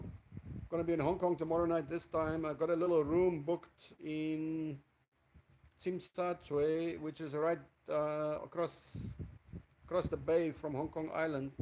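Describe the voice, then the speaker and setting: Rambling man, fairly high voice. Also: darkish tone, slight background noise, low-quality recording. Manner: rambling, chatty, greets viewers by name. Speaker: live streamer. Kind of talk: casual live stream chat. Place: indoors in Cebu, Philippines, in the evening.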